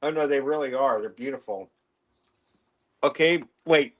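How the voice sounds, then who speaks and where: A man's voice: medium pitch, moderate pace. A man casually showing off his comic collection, admiring each book. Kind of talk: casual chat.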